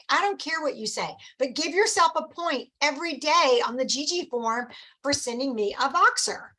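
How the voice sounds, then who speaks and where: Upbeat high-voiced woman coaching. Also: expressive, moderate pace, bright, forceful tone, low-quality recording. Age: middle-aged. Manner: upbeat, coaching, acts out customer dialogues. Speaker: sales director leading a team meeting. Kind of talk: motivational team meeting talk.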